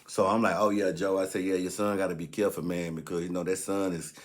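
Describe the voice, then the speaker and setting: Animated man telling a funny story. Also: fast. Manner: animated, jumps into higher voices when quoting others. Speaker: comedic storyteller. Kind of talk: casual comedic storytelling.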